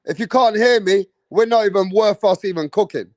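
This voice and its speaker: Young british man, high voice, slow heated rant, dry close sound, boxing channel host. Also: no echo. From Britain. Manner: heated, profane, repetitive, addresses viewers directly. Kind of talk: ranting commentary video.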